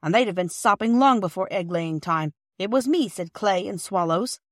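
A woman's voice: mid-range voice, lively intonation, normal speed, dry recording, clean studio sound, lightly acted. A woman voicing a young boy, a big brother who lectures his sisters in a self-righteous way. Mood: lecturing.

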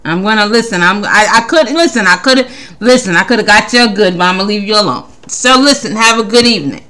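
Playful podcast woman, bright and lively. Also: mid-range voice, fast. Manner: playful, teasing, laughs often, rambling restarts. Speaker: podcast host. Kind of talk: casual comedic monologue.

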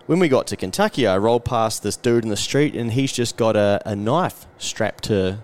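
A man's voice: lowish voice, lively intonation, normal speed. Chatty New Zealand man telling stories. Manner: storytelling, acting out quotes, frequent mate and fillers. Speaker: podcast host. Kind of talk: casual chat.

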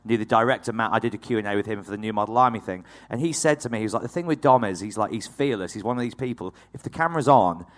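A man hosting an interview, asking long, rambling questions. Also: fairly low pitch. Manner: rapid, rambling. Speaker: host.

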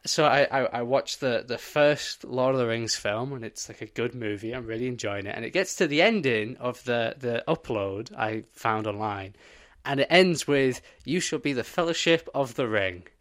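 Animated young man telling a story. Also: mid-range voice, normal speed, few pauses. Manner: animated storytelling, swears often. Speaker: podcast co-host. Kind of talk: casual chat.

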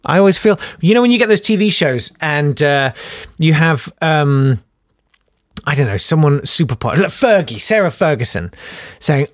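Lively man hosting a podcast. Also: normal speed, dry recording, clean studio sound. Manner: animated, sardonic, jumps into high mocking voices. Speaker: podcast host. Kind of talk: casual solo podcast chat.

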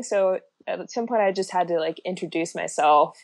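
A woman's voice: on the low side, moderate pace, creaky, few pauses, no room sound. A young woman chatting casually as a podcast guest, laughing often and filling with lots of likes and ums. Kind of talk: casual chat.

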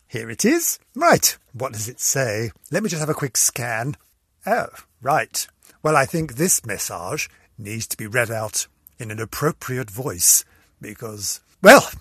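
An older man from England hosting a comic podcast in a theatrical, camp, teasing way, swinging between loud and soft. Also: medium pitch, slightly rough, dry recording, clean studio sound. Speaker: podcast host.

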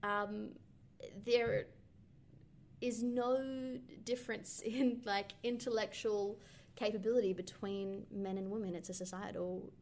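A young woman co-hosts a podcast, talking through a film in a slow, thoughtful, rambling way, full of fillers. Her voice is medium in pitch, steady, and a little dark in tone.

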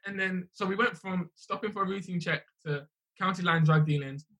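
A young man, a musician telling his story in a casual, animated way, often repeating himself. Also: high-pitched, brisk. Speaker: musician guest.

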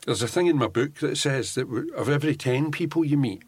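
An older Scottish man, a former undercover police officer, telling animated stories in an interview and laughing often as he acts out what people said. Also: medium pitch, fairly quick, slightly rough, dry recording. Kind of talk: anecdotal storytelling in an interview.

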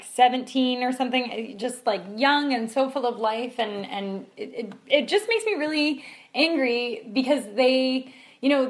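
Lady on a chat podcast, kinda high pitched, fired up, lots of ums. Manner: animated and indignant, frequent fillers and laughs. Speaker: podcast co-host. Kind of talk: casual discussion podcast.

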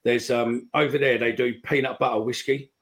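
A man's voice: medium pitch, steady tone, normal speed. A man co-hosting a live football podcast, chatting casually and telling rambling stories. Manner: rambling storyteller, chuckles often. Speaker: podcast co-host. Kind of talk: casual chat.

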